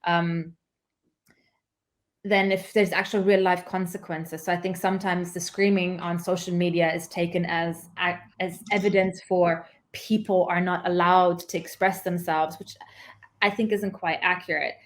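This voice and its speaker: A woman guest who is an academic, speaking thoughtfully in a podcast interview and pausing on frequent "um"s. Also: fairly low pitch, steady tone. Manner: thoughtful, measured, many "um"s. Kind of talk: conversational interview.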